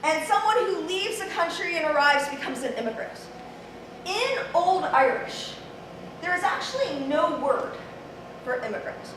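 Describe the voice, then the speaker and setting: High-voiced woman lecturing in an echoey hall. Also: very animated, a little slow, fairly bright tone. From Ohio, USA. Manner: friendly, conversational, many ums. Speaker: history lecturer. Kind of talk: public lecture. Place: large church hall. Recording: very echoey hall, distant mic, faint noise.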